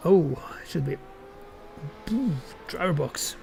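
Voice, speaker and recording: A man's voice: a little high, slow pace, vocal fry, a little mellow, a little hiss or hum. A man giving casual live commentary on a sim racing qualifying session, thinking aloud and correcting himself as he goes.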